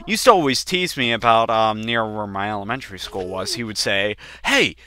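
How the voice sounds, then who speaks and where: A young man hosting a game video, rambling through a childhood story with casual swearing and sudden loud outbursts. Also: fairly low pitch, fairly quick. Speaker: gaming channel host. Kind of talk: casual let's play commentary.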